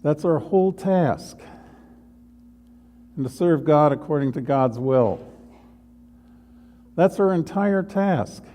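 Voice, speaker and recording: A male pastor delivering an earnest, unhurried sermon in a church. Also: a little high, animated, dark tone. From United States. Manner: slow, earnest preaching with pauses. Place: church sanctuary.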